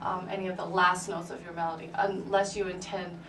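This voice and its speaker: A woman with a fairly low voice teaches piano in a private lesson, speaking briskly and with a flat delivery. Still patient and encouraging, she keeps checking in with "right?" and "okay," recorded distantly in a roomy piano room with piano playing and a noisy background.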